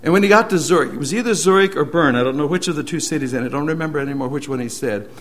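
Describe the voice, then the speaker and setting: A man preaching a sermon, earnestly retelling a story and often letting his sentences trail off softly. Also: on the high side, racing.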